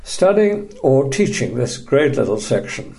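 A man teaching a recorded Bible study lecture, measured and emphatic, dryly dismissive of opposing views. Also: medium pitch, sing-song, vocal fry, mellow.

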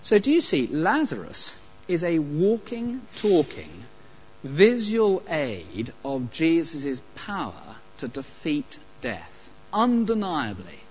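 A man preaching a sermon, emphatic and animated, with pauses and light asides. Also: fairly high pitch, breathy edge, soft background music. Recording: dull lo-fi recording.

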